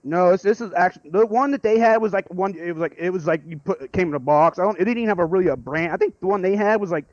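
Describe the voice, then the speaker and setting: A man calling in to tell a rambling story, excitable and swearing freely. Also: sits high, racing, no echo, muffled recording. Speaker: caller. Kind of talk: casual storytelling.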